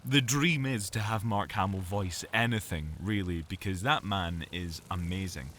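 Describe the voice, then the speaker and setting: A male voice actor chats in a loose, rambling monologue from his home audio booth. He is jokey and self-mocking. His low voice has a bright, forceful edge and is caught close on a studio mic. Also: normal speed, a little hiss or hum. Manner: jokey and self-mocking, full of fillers and restarts.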